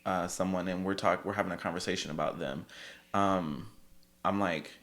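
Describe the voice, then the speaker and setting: A man's voice: low-pitched, steady tone, moderate pace, a bit bright. A man talking as an interview guest, easygoing, laughing as he tells stories. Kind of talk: casual interview chat.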